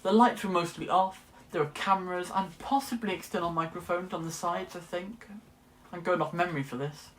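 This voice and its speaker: A man's voice: high voice, steady tone, fairly quick, fairly bright tone, slight background noise. A young man, chatting casually to camera as a student vlogger, rambling and correcting himself as he goes. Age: late teens. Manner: chatty, rambling, often restarts and self-corrects. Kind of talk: casual vlog chat.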